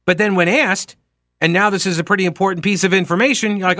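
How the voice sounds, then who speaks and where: A man with a slightly high voice gives animated commentary on a trial. He acts out what people said and fires off rhetorical questions. The recording is dry and close, with no room sound. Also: fast talker, no room sound. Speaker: talk show host.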